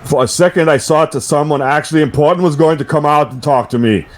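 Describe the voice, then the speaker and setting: A man's voice: a little high, fast, a little hiss or hum, pitched above the performer's own voice, close to an everyday voice. A man reading a cocky wrestler's taunting promo in a hammy, clumsy way. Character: cocky, sneering male wrestler cutting a promo.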